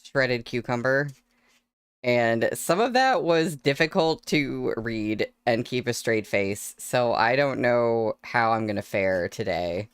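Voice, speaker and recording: Woman, casual stream chat, frequent laughter, unhurried pace, close dry mic. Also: extremely low pitch, expressive, clear, resonant tone, no echo. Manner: chatty, laughs often between words. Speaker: streamer reading novels aloud. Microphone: desk microphone.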